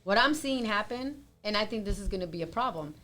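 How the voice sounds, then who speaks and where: A woman's voice: medium pitch, animated, a little fast, fairly bright tone. A woman on a casual panel chat, earnestly explaining her own view at length.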